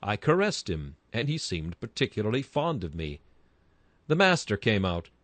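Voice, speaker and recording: A man's voice: lowish voice, big pitch swings, normal speed, fairly bright tone, no room sound. A man reading a Victorian sermon aloud in an emphatic style that rises to bursts of fervor. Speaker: sermon reader.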